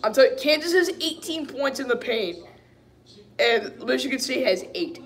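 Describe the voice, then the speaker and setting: A man's voice: very high-pitched, normal speed. A man giving a live play-by-play reaction as a frustrated fan, calling plays, venting and saying "dude" often. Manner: excitable, frustrated partisan fan who keeps saying "dude".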